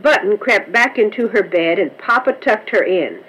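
A woman reading a children's story aloud in a gentle, measured way. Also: medium pitch, expressive, slightly rough, poor audio. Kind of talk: storybook narration.

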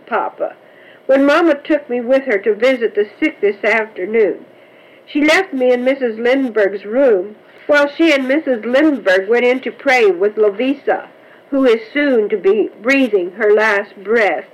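A woman's voice: fairly high pitch, poor audio. A woman voicing a tearful little girl under ten who pleads with her father. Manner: pleading, sobbing.

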